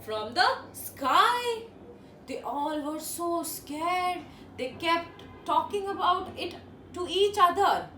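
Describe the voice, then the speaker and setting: A woman's voice: very high-pitched, takes it slowly, fairly bright tone, slight background noise. A woman narrating a children's story expressively, asking her young listeners questions, in an echoey room.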